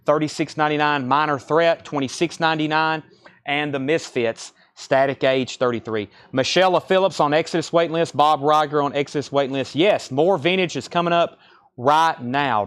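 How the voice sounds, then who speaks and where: A man hosting a live record sale, chatting informally and rattling off buyer names, album titles and prices in quick succession. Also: mid-range voice, a bit bright. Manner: chatty and informal between listings. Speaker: record store host running a live sale. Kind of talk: live-stream sales patter.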